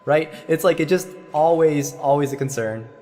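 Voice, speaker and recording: A man's voice: a little high, moderate pace, warm tone, faint music behind. A man giving a singing lesson, explaining at length and breaking into short sung demonstration syllables. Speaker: voice teacher.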